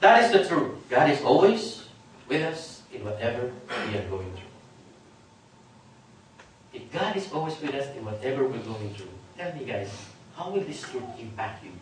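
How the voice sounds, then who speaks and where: A man with a Filipino accent preaching a sermon as pastor, animated and questioning his congregation, sometimes slipping into Tagalog phrases. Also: mid-range voice, normal speed, long pauses, slight background noise. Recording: very echoey hall, distant mic.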